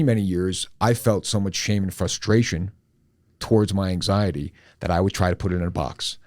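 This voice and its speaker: A middle-aged man hosting a podcast, telling a personal story candidly and with animation, sometimes slowing down and sometimes rushing. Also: sits low, no room sound, studio quality. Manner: animated, candid, swings between slow and rushed. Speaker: podcast host.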